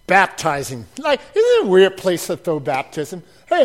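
A man preaching a sermon from the pulpit, swinging from soft asides to loud, emphatic declarations. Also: high-pitched, wildly swooping pitch, moderate pace, few pauses. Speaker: pastor.

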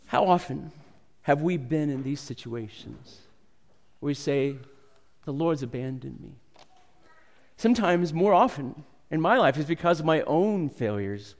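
A man's voice: fairly high pitch, lively intonation, unhurried, in a large hall. A man preaching a sermon, reading scripture and then speaking earnestly, acting out quoted voices with rising intensity. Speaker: pastor.

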